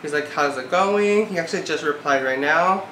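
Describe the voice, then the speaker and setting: A woman's voice: sits low, normal speed, fairly bright tone, slight background noise. A woman in her twenties chatting casually in a vlog, peppering her talk with "like" and sounding exasperated. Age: 20s. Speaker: vlogger. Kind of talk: casual chat. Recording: echoey room.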